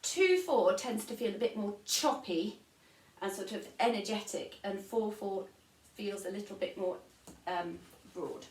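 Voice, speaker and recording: A woman with an English accent and a medium-pitched, slightly mellow voice teaches a recorded online music lesson, patiently explaining and counting beats aloud at an unhurried pace. She's off-mic and distant, in an echoey room.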